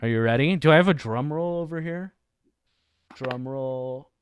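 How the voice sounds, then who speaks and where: A man's voice: fairly high pitch, fast talker, clean tone. A man hosting a satirical livestream, reading chat and video descriptions aloud with crude jokes and frequent laughter. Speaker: livestream host.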